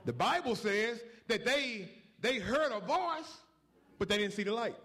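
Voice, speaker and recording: Brief: male preacher, high voice with a wide swing, folksy call-and-response delivery. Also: animated, measured pace, sharp tone. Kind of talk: sermon.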